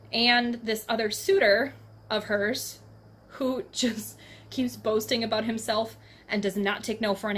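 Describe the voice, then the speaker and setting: A woman's voice: on the high side, fairly bright tone, slight background noise. A young adult woman chatting casually and enthusiastically about books she has read, laughing often. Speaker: book reviewer. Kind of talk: casual book review vlog.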